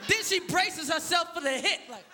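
Man doing stand-up, really high voice, shouty and profane, big crowd roaring, noisy live mix. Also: moderate pace. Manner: loud, profane, animated, acts out characters and shouts. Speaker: stand-up comedian. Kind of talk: stand-up routine before a live audience. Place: large venue with audience. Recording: live show with loud crowd and noise. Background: roaring crowd laughter.

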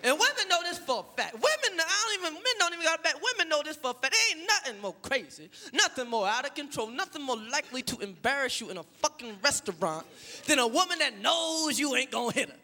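A man doing a loud, profane stand-up routine, acting out characters and shouting punchlines on stage. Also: very high voice, sing-song, fast. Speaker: stand-up comedian. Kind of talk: stand-up routine before a live audience. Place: large venue with audience. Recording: live show with loud crowd and noise. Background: roaring crowd laughter.

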